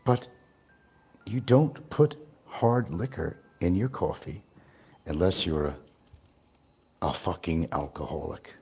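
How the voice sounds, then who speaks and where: A man's voice: low-pitched, takes it slowly, long pauses, a little mellow, breathy edge, soft background music. A man hosting a livestream, rambling in a brash, taunting, trash-talking way. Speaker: livestream host.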